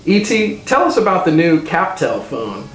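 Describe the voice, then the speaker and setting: A man's voice: a little high, big pitch swings, normal speed, echoey room, slight background noise. A man co-hosting a TV show, adding details and announcements for viewers in an informative way. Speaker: co-host.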